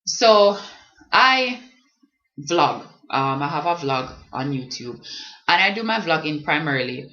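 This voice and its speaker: A woman's voice: sits low, animated, unhurried, pushed and bright, muffled recording. A woman from Jamaica with a Jamaican accent, talking as a vlogger in an impassioned, emphatic way. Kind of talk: reflective talk on language.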